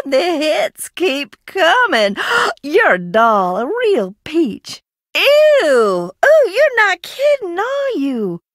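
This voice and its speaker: Sardonic, unhinged young heiress. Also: female voice, very high-pitched, huge pitch swings, very slow, no echo, clean studio sound, exaggerated voice. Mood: indignant. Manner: sardonic, theatrical, swinging between taunts and outbursts. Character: eccentric, mocking young woman hiding in an old mansion. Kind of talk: video game voice acting.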